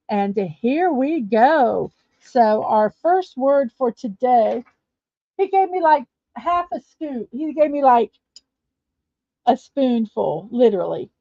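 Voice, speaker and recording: A chatty woman hosts a casual livestream at an unhurried pace, her voice sitting a little high. She reads viewer comments aloud as she goes. The sound is dull and lo-fi, and quite dry. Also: warm tone, dry recording. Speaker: livestream host. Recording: dull lo-fi dry stream audio.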